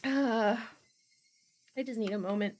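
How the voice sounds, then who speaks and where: Brief: rambling giggly woman, chatty streamer, somewhat high voice. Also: normal speed, darkish tone, a little hiss or hum. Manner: giggly, rambling, easily sidetracked. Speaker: voice acting streamer. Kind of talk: casual chat.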